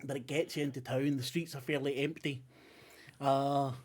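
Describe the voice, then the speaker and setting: A man's voice: mid-range voice, steady tone, normal speed. A man narrating a tabletop game as game master, rambling with many ums and self-corrections.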